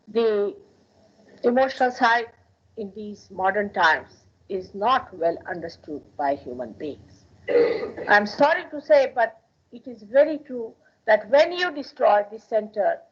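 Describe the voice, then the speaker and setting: A woman's voice: medium pitch, husky. A woman from India with an Indian accent, giving an emphatic public spiritual talk in a hall and repeating phrases for stress. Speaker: spiritual teacher. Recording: dull lo-fi archival 1981 recording.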